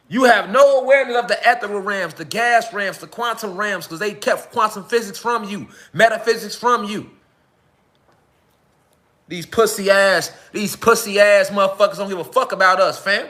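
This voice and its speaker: A man talks straight to his audience in a casual monologue. His voice sits high and bright. He swears freely and keeps asking whether you hear him. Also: moderate pace. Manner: profane, emphatic, repeats rhetorical questions. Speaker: online talk host.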